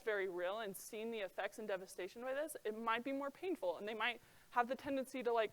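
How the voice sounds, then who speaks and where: A young adult woman giving an earnest talk to a young audience, chatty and full of "like" fillers, telling stories with lively feeling. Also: on the high side. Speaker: presenter.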